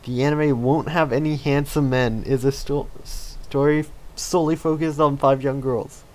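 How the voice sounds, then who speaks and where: A man's voice: mid-range voice, fairly even intonation, moderate pace, darkish tone. Laid-back rambling man co-host. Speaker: podcast co-host. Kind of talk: casual chat.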